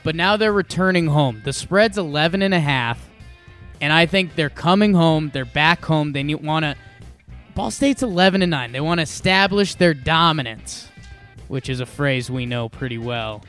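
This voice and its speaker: Guy rambling through his betting pick, kinda high voice, jokey, restarts a lot. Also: lively intonation, normal speed, a bit bright, clear, resonant tone, soft background music. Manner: rambling, joking, many restarts. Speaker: podcast co-host making betting picks. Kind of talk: casual sports chat.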